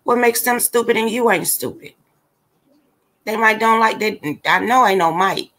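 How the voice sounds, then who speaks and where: A woman's voice: a little high, moderate pace, fairly bright tone. A woman hosting a casual livestream, ranting bluntly and with exasperation straight to her viewers. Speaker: livestream commentator.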